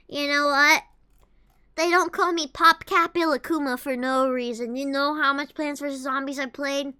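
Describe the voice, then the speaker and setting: A woman's voice: high voice, steady tone, normal speed, pushed and bright, clean tone. A young adult woman streaming as a VTuber, chatting casually with viewers in a giggly, playful way, with a voice that cracks often. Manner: giggly, playful, jokes in bursts of mock drama. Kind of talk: casual chat reacting to viewers.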